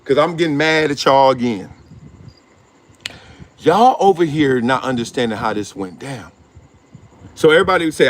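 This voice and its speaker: A man's voice: mid-range voice, lively intonation, normal speed. A middle-aged man hosting his own show, riffing in slangy casual commentary, laughing often and acting out quotes. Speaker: show host.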